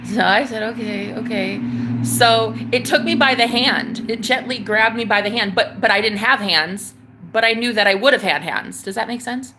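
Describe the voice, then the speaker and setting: A woman's voice: on the high side, moderate pace, few pauses, sharp tone, slight background noise. A woman vlogger intensely recounting a personal spiritual experience, with many restarts and some swearing. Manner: emotional, intense retelling with frequent restarts and swearing. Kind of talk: personal spiritual story told to camera.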